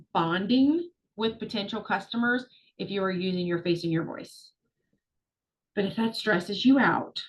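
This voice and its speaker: A woman's voice: medium pitch, fairly bright tone, slight background noise, poor audio. A middle-aged woman coaching her group on a video call, talking in a chatty, upbeat way with plenty of fillers. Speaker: social media business coach.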